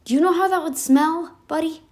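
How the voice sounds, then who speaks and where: A woman's voice: very high-pitched, brisk. A woman hosting a reaction channel, giving a casual commentary that is emphatic and sarcastic, firing off rhetorical questions at the listener. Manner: sarcastic, addresses listeners directly.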